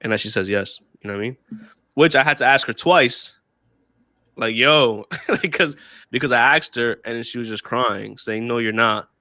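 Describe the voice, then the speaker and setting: A man's voice: medium pitch, moderate pace, pushed and bright, no room sound, clean studio sound. A young man casually telling a story on a podcast, laughing often, swearing freely and repeating himself. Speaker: podcast co-host.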